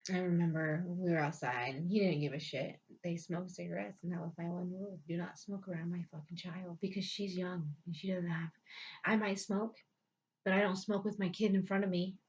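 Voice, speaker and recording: A woman's voice: on the low side, steady tone, fairly quick, a little mellow, husky. A woman telling a personal story bluntly and with heavy swearing, sounding frustrated. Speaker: vlogger telling her life story. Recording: dull lo-fi sound.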